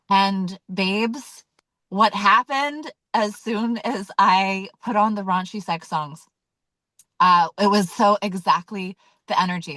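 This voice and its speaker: A woman's voice: fairly low pitch, fairly bright tone, no room sound. A woman leading a weekly community call, talking casually and candidly with many fillers and acting out her own reactions. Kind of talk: casual teaching talk.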